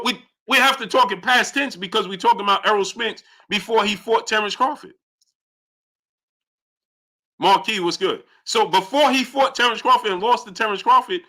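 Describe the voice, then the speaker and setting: A young man hosts a live boxing stream in a very bright, cutting voice. He argues hotly with viewers, and his pitch jumps up when he gets indignant. He talks fast and keeps pushing his point. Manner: heated, argumentative, rising pitch when indignant. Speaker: boxing channel host.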